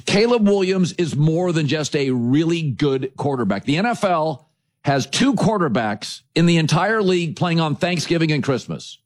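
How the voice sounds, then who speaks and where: Middle-aged male sports host, high and lively voice, lecturing and emphatic. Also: moderate pace. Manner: emphatic, lecturing, punchy lists. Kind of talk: opinionated sports commentary monologue.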